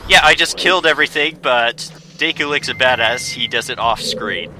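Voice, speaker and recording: A man's voice: medium pitch, normal speed, noisy background. A young man giving joking gameplay commentary, easily frustrated and laughing often. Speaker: let's play commentator.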